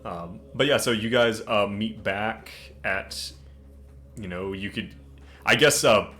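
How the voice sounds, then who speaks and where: A man's voice: fairly low pitch, takes it slowly, bright, forceful tone. A man narrating as game master of a tabletop game, loose and laughing, with plenty of filler.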